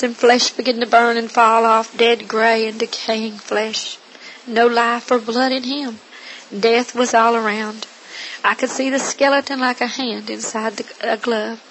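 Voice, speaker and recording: A woman's voice: fairly high pitch, fairly bright tone, slight background noise, rough recording. A woman earnestly reading her own first-person testimony in a solemn manner. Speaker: narrator.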